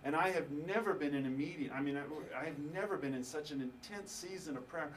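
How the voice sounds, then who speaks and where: A man preaching in an animated, storytelling manner, his voice a little high for a man. He sounds set back from the microphone, with a faint hiss behind him. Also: quick pace, far from the mic, poor audio. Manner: animated storytelling with laughter and acted quotes. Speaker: pastor. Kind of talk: sermon storytelling.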